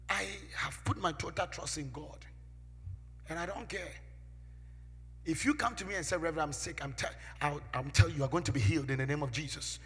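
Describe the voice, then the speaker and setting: A man preaching a sermon from the pulpit, with call-and-response, swinging from loud shouts to near-whispers. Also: on the high side, slightly rough. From Ghana. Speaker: pastor. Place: church sanctuary. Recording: echoey church hall with music behind.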